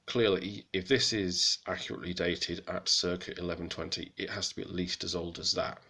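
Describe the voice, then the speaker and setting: Deep-voiced man giving a rambling lesson. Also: fairly even intonation, a little fast, bright, forceful tone, breathy edge. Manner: hesitant, lots of ums and self-corrections. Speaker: hobbyist presenter of Old French texts. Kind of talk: casual spoken lesson.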